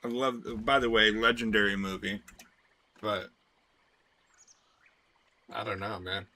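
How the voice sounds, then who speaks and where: A man's voice: fairly low pitch, steady tone, slow, sharp tone. Laid-back guy rambling to chat. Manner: rambling, laid-back, full of "like" and "dude", swears freely. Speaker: game streamer. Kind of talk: casual chat with viewers.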